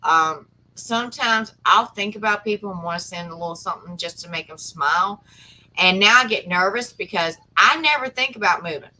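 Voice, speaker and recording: Bright motherly woman. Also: mid-range voice, moderate pace, poor audio. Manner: motherly, encouraging. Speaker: live stream host. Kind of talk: casual live stream chat.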